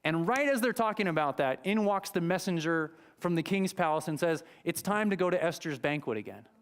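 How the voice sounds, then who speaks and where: Male pastor, higher register, conversational storytelling sermon in a church. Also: animated, fairly quick, smooth. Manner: conversational storytelling, retelling scripture dramatically. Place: church sanctuary.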